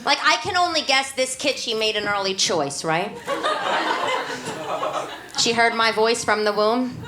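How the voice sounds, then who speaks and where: A woman playing a brash, divorced New York single mother with a nasal New York accent, doing loud, brassy crowd work in a live cabaret comedy set on stage. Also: a little high, lively intonation, unhurried. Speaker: stand-up character. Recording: echoey room, noisy live venue.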